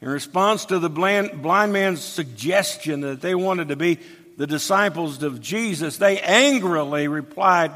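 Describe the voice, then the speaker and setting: A man's voice: a little high, unhurried, a bit bright. A man preaching an expository sermon, reading scripture aloud and explaining it verse by verse. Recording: long hall reverb.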